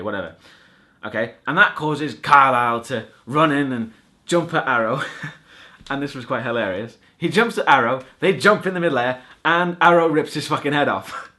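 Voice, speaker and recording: A man's voice: medium pitch, sharp tone. A man giving a casual spoken film review, sarcastic and swearing a lot, often stumbling and restarting his sentences.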